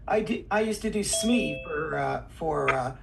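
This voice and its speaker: A man who is a veteran voice actor, with a high tenor voice, giving rambling, playful advice. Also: animated, measured pace, creaky, far from the mic, music in the background, rough recording. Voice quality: self-described tenor, high voice. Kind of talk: casual advice chat.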